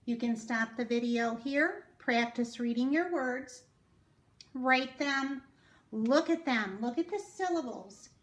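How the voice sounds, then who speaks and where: Brief: woman phonics teacher, very slow and deliberate, echoey room. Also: sits high, animated. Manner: slow, careful, drawn-out word sounding. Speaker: reading teacher. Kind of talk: phonics lesson for children.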